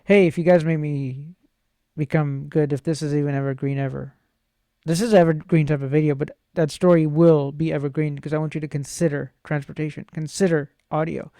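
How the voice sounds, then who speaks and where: A man's voice: a little high, steady tone, a little fast, vocal fry, mellow, no echo, studio quality. Playful man rambling about microphones. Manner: playful, jokey, talks to himself and laughs often. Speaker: vlogger. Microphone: close studio microphone.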